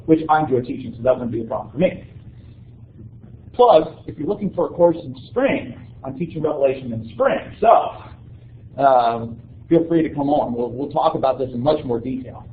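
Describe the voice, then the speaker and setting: A man's voice: medium pitch, animated, moderate pace, a little hiss or hum. A man giving a university lecture in a conversational way, often checking in with his listeners. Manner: conversational, keeps checking in with "right?". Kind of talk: classroom lecture. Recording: echoey room, tinny phone-like sound.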